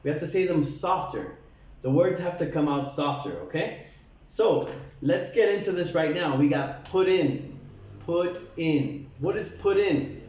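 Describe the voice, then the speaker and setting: Brief: male English teacher, slightly high voice, slow drills, echoey dull recording. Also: darkish tone. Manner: slow, repeats words for drills. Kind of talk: English lesson for Spanish speakers. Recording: echoey, dull lo-fi room sound.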